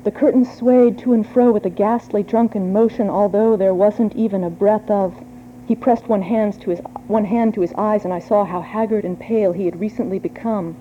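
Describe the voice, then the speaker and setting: A woman's voice: medium pitch, steady tone, normal speed. A woman giving a theatrical, breathless reading of a gothic horror story. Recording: tinny phone-like sound with faint hum.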